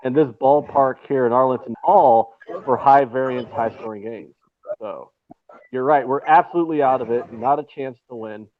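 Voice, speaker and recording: Over a tinny, phone-like remote line with faint noise, a man co-hosts a casual sports betting chat. His voice is mid-range at a moderate pace, and he rants sarcastically with heavy swearing.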